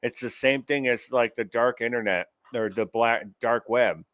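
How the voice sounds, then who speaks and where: A man's voice: medium pitch, normal speed, a bit bright, dry recording. A man hosting his own show, giving rambling, profane commentary in a casual ranting manner. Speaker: show host.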